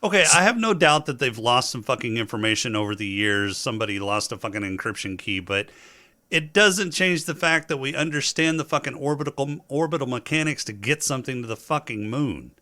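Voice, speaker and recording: A man's voice: mid-range voice, a little fast, bright, forceful tone. A man co-hosting a podcast, arguing back in casual, profane banter. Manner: argumentative, profane. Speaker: podcast co-host.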